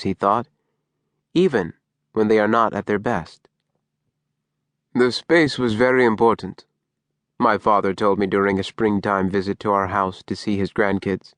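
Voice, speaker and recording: A man's voice: lowish voice, fairly even intonation, a little slow, long pauses, fairly bright tone, dry recording. Man reading an audiobook, dry close sound. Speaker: audiobook narrator. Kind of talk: scripted narration.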